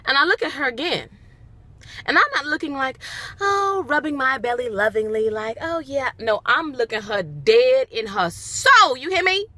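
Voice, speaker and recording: A young woman tells a story to her phone camera in a bright, sharp voice that swoops high and low. She talks in a casual, dramatic way, repeating lines for emphasis. Her voice sits fairly high. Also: animated, normal speed. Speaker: vlogger.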